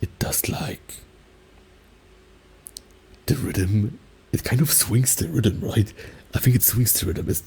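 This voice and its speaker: A man talking softly and slipping into whispers in a soft-spoken ASMR video, often padding with "like" as he explains. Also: fairly low pitch, expressive, slow, creaky, pauses often, husky. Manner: alternates soft talking and whispers, many "like" fillers. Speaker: ASMR creator. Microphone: binaural mic.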